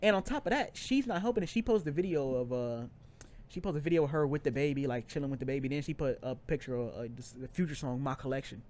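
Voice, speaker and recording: A man's voice: mid-range voice, fast, a little mellow. A young man co-hosting a podcast, talking in slangy casual chat with lots of repeats and restarts. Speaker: podcast co-host.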